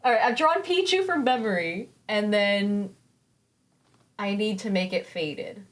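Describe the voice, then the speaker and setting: A woman's voice: medium pitch, expressive, measured pace. A woman streaming a game, chatting casually with her viewers and swearing freely.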